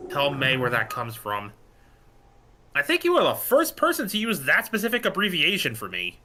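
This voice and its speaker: A man's voice: a little high, huge pitch swings, moderate pace, sharp tone, a little hiss or hum. A man chatting playfully with a friend during a gaming stream. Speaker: streaming guest. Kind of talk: casual chat while gaming. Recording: music playing behind.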